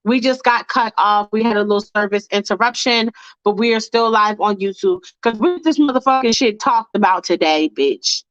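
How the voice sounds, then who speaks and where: A woman's voice: mid-range voice, moderate pace, a bit bright, dry recording, dull audio. A woman hosting a fan livestream, ranting bluntly and with lots of swearing while talking to her chat. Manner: blunt, profane, fired-up, talks to chat. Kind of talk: casual livestream rant.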